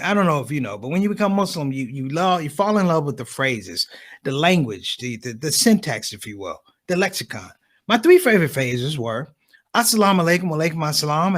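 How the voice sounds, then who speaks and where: A man doing a stand-up comedy set on a conference stage, telling stories and acting out the people in them with quick shifts in voice. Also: fairly high pitch. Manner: animated storytelling, acts out characters with quick shifts in voice.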